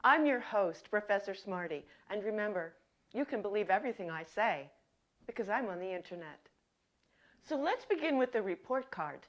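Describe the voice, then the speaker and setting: A woman hosting a comic mock language lesson, speaking in a deadpan, mock-authoritative way as a self-styled professor. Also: mid-range voice, moderate pace. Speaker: comedy host.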